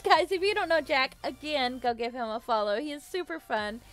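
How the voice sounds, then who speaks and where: A woman's voice: sits high, animated, normal speed, fairly bright tone. A young adult woman chatting casually with viewers on a live stream, bubbly and giggly, thanking them effusively. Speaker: livestreamer.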